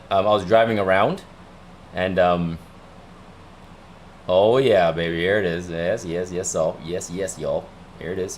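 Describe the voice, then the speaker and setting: Excited guy rambling on a livestream, kinda low voice, repeats stuff. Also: slight background noise. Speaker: livestream host. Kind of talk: casual chat.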